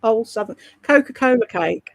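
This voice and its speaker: A woman's voice: a little high, expressive, moderate pace, vocal fry, dry recording. A British woman chatting casually on a live stream, rambling between topics and reading out viewer comments. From Britain. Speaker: live streamer and voice-over artist.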